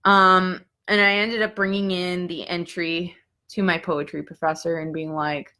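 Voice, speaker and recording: A young woman with a bright, forceful voice tells a personal story in a relaxed, chatty way. She acts out her own past words, jumping high in pitch and then dropping to a hushed whisper. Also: a little slow. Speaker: psychic Q&A host. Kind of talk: casual storytelling.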